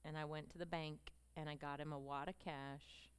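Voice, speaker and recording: A woman's voice: sits low, little pitch movement, moderate pace, clear, resonant tone. A middle-aged woman giving a personal testimony to a women's gathering on stage, telling her story with feeling and acting out the dialogue. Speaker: speaker addressing a women's gathering. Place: stage presentation with slides.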